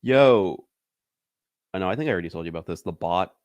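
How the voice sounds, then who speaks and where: A man's voice: low voice, expressive, fairly quick, darkish tone. A man in casual conversation, talking loosely with lots of fillers and frequent laughs. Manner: loose and rambling, heavy on fillers, laughs often. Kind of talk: casual chat.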